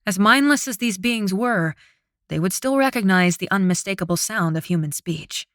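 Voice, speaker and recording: A woman narrating an audiobook with a steady, dramatic reading, close to the microphone. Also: mid-range voice, moderate pace, no echo. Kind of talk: scripted narration.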